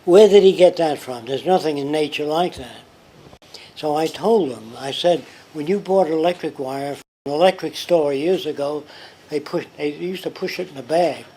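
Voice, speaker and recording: An older man with a somewhat high voice spins anecdotes in a relaxed conversation. He slips into the voices of the people he quotes. Faint pub chatter and room noise sit behind him. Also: normal speed, low-quality recording. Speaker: interviewee. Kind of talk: casual storytelling conversation. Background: pub ambience.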